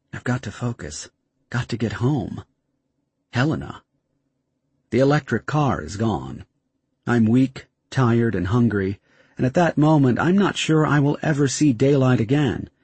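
A man narrating a first-person story in a tense, steady way. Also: medium pitch, husky, no echo. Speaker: audiobook narrator.

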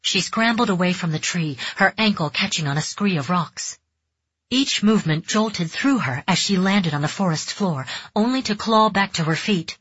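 A woman narrating a dark fantasy audiobook in measured, tense storytelling. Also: on the low side, expressive, husky, no room sound. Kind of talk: scripted narration. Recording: dull, dry close recording.

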